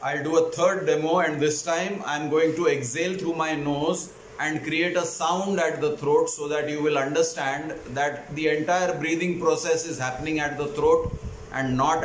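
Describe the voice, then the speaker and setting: Man explaining breathing technique, echoey room. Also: on the high side. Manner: calm, explanatory, step-by-step. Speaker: breathing instructor. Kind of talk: instructional demonstration. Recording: echoey room, faint noise.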